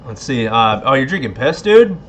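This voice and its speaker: A man's voice: mid-range voice, big pitch swings, normal speed, slight background noise. A man hosting a casual livestream giveaway, laid-back, a bit tipsy and laughing often. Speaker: livestream host.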